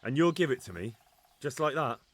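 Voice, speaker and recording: A man's voice: medium pitch, expressive, fairly quick, fairly bright tone. An actor voicing a blunt, curious young man asking direct questions in video game dialogue.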